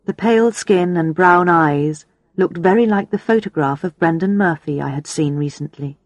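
A woman narrating a story in a steady storytelling manner. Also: lowish voice, normal speed, dry recording. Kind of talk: audiobook narration.

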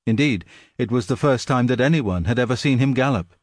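A man narrates a story in a measured, even voice of middling pitch. The recording is dry and close, with no room sound. His delivery is steady and unhurried. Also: no room sound. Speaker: audiobook narrator. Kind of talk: scripted narration.

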